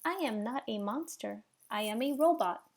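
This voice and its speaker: A woman voicing a calm, polite female robot who speaks formally and carefully. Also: a little high, normal speed.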